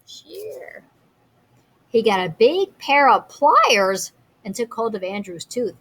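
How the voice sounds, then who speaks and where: A woman teacher reading a children's picture book aloud, expressive, with chatty asides to young listeners. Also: on the high side, unhurried.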